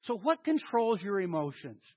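A male pastor preaching in a high voice, acting out his own inner dialogue. His pitch swings widely from one phrase to the next. The recording sounds dull and lo-fi. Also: big pitch swings, normal speed. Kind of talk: sermon.

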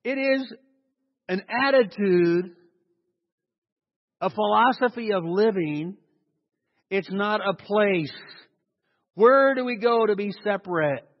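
A man preaching a sermon as pastor, animated and sarcastic, with mocking asides to the congregation. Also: high voice, long reverb tail, lo-fi sound.

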